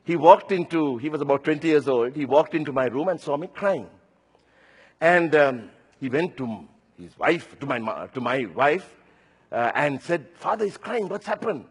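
A man's voice: mid-range voice, animated, normal speed, breathy edge, long reverb tail. A man in his sixties preaching a sermon, earnest and personal, telling his own story between scripture quotes. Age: 60s.

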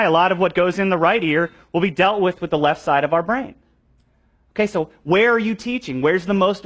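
A young man leading a training session for children's ministry teachers, animated and conversational, with many fillers and restarts. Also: high-pitched. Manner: acts out voices of students for effect.

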